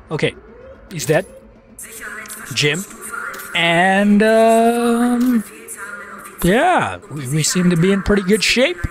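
A man riffing through gameplay commentary, his fairly high voice swinging up and down as he jokes and mocks himself. He taunts enemies on screen in a loose, chatty way, with faint game music under him. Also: very animated, takes it slowly, long pauses. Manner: joking, self-mocking, talks to enemies on screen. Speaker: let's play commentator.

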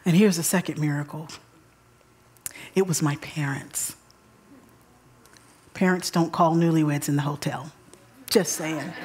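A woman giving a storytelling sermon at church, who often drops to a hushed whisper for emphasis and repeats words as she gathers her thoughts. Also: lowish voice. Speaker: church speaker.

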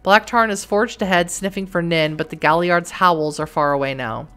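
A woman's voice: fairly low pitch, moderate pace, a bit bright, smooth, faint music behind. A woman hosting a let's play, reading the game's text aloud with wry, joking asides.

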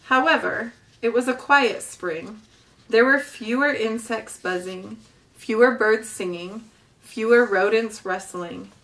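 A woman reading a children's novel aloud with gentle, expressive storytelling. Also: on the high side, takes it slowly, recorded from a distance. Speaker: storybook reader.

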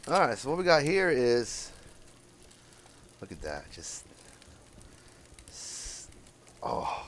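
A man's voice: medium pitch, wildly swooping pitch, slow, long pauses, noisy background. A man hosting his own cooking vlog, chatting enthusiastically and often stumbling over and repeating his words. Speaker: cooking channel host. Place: outdoor griddle cooking station.

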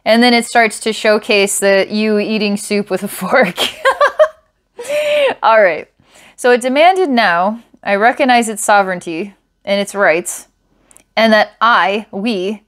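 A young adult woman in the middle of an online psychic reading, talking to the camera in a relaxed, casual way. She is openly enthusiastic and laughs often. She thinks aloud in a voice of ordinary pitch. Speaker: psychic reader.

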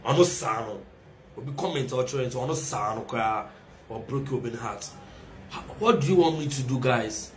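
A man's voice: mid-range voice, expressive, moderate pace, a little hiss or hum. Ghanaian man ranting in an echoey room. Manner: repetitive, pleading, mixing in local words. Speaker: reality show contestant reacting on social media. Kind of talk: emotional casual rant.

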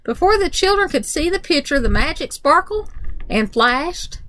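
A woman reading a children's picture book aloud, full of animated storytelling. Her voice sits high and swoops through a very wide, expressive range. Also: normal speed, low-quality recording.

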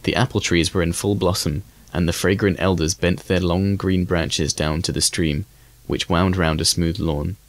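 A man reading a classic fairy tale aloud as an audiobook in a measured, even manner. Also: low-pitched, no echo. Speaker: audiobook reader. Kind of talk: scripted storybook narration.

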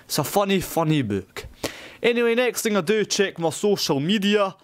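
A young man with a Scottish accent, doing a mock-proud comedy vlog in an exaggerated way that breaks into sudden shouting. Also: high-pitched, lively intonation, moderate pace, no room sound. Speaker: comedy vlogger.

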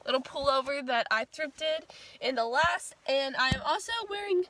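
A woman's voice: sits high, lively intonation, moderate pace, a bit bright. A young woman vlogging casually in a rambling, chatty, self-deprecating way as she runs errands in the rain and in her car. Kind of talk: casual vlog chat.

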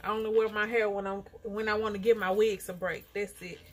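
A woman's voice: medium pitch, little pitch movement, brisk, a little hiss or hum. A young woman, chatting casually to her vlog viewers at home, venting and complaining as she does her hair. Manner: frustrated, complaining, talks to viewers as y'all. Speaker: vlogger. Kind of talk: casual chat to camera.

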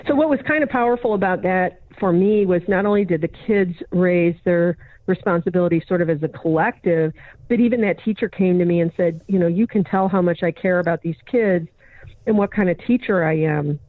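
Here the podcast guest, a woman who works as an educator and consultant, talks a little fast in a lowish voice while telling a story. She plays out both sides of the dialogue, voicing each person she remembers. Captured over a remote interview, the audio is dry, narrow and phone-like.

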